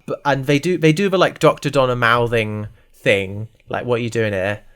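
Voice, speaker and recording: Podcast co-host, male, English, average pitch; loose, jokey, tangent-prone chat. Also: normal speed, smooth. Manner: rambling, lively, full of asides and jokes. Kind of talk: casual chat recapping a TV series.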